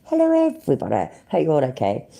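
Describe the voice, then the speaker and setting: British woman streamer, low mellow voice that swings widely, sarcastic and profane. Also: huge pitch swings, fast talker, creaky. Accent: British English. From Britain. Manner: sarcastic, sweary ranting. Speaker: livestream host. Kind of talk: live commentary reacting to clips.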